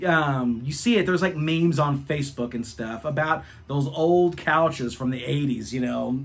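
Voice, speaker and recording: A man in his thirties reviewing albums, telling a rambling, profane story in a casual vlog. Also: on the high side.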